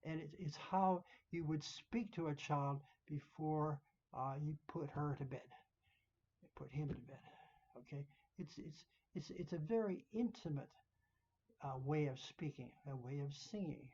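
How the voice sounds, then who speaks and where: Older choir director giving emphatic notes at rehearsal, sings the rhythms, mid pitch, muffled recording. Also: unhurried, mellow. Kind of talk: rehearsal instruction.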